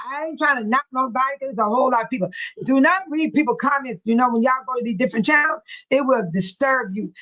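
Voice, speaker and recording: A woman's voice: on the high side, a bit bright, low-quality recording. A woman hosting a casual livestream, reading viewer comments aloud, greeting people by name and laughing often. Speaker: livestream host.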